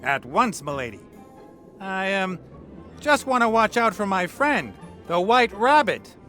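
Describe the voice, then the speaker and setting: A man's voice: sits high, sing-song, measured pace, pushed and bright, heavily acted. A man voicing a sly young adventurer posing as a hatter in a video game, teasing and mock-gallant. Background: game music.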